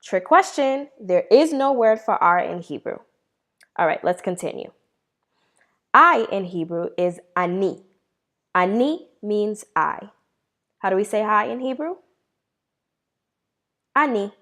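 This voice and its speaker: A woman's voice: medium pitch, expressive, fairly bright tone. Encouraging woman teaching beginner Hebrew. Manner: encouraging, asks questions and answers them herself; slows down to model words. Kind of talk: beginner language lesson.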